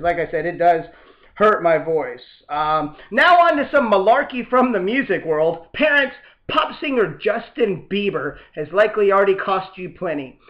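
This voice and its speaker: A man's voice: high-pitched, lo-fi sound. A man hosting a political comedy show, reading the news with a sarcastic, mock-outraged tone. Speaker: podcast host. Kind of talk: satirical political commentary.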